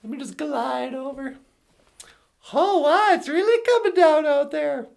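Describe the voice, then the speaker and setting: Woman hosting a goofy little show, high voice, takes her time, chatty. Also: animated, a little slow, creaky, darkish tone. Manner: chatty, playful, fond of fillers. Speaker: host. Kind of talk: casual comedy show hosting.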